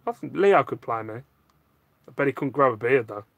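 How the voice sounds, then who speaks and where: A man's voice: medium pitch, animated, moderate pace, gravelly, a bit bright, dry recording. Jokey man chatting live. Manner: jokey, self-mocking, reads out comments. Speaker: live stream host answering viewer questions. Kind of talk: casual chat. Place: home loft.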